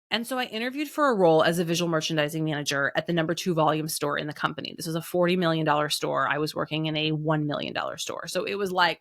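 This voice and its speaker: A woman's voice: deep voice, fairly bright tone, no echo, clean studio sound. A woman in her thirties from the American Midwest telling stories in a chatty conversational way, full of fillers and acted-out quotes. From Indiana, American Midwest. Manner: chatty, lots of "like" fillers, acts out quoted voices. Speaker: business owner and guest. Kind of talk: conversational storytelling.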